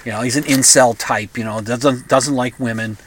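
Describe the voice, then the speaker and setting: A man's voice: mid-range voice, fairly even intonation, normal speed, fairly bright tone. An older man talking in a casual, rambling monologue, sarcastic, with frequent restarts and asides.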